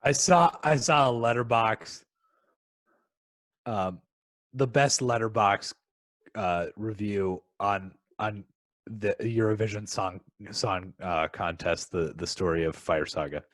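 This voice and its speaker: A man's voice: fairly low pitch, slow pace, fairly bright tone, dry recording. A man co-hosting a film podcast in casual chat, talking hesitantly with plenty of ums and likes. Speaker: podcast co-host.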